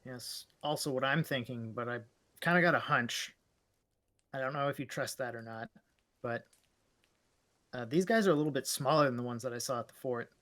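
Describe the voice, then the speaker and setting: A man playing a tabletop game, easygoing and slangy, thinking out loud about his plans. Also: medium pitch, normal speed, pauses often. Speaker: player. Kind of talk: casual chat at a game table.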